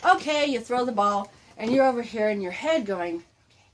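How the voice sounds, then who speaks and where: A woman's voice: fairly high pitch, lively intonation, moderate pace, slight background noise. A woman hosting a casual motivational talk, chatty and laughing often as she speaks to her viewers. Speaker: host.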